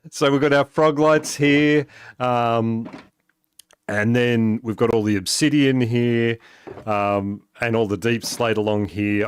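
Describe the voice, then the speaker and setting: A man with a fairly low, clear, resonant voice chats casually on a gaming livestream. He rambles with lots of fillers and restarts, chuckling often as he goes.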